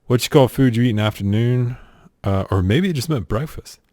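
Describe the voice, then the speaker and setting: A man's voice: medium pitch, expressive, fairly quick, a little mellow, no echo. A man with a South Carolina accent reads quiz questions aloud and answers them in a dry, sarcastic, exasperated way. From southern United States. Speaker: streamer. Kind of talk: casual accent-tag challenge, reading questions aloud.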